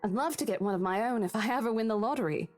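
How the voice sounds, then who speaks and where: A woman voicing a caring young realtor in video game dialogue, speaking in a soft, coaxing, slightly hesitant way. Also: on the high side, very fast, faint music behind, lightly acted. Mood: reassuring.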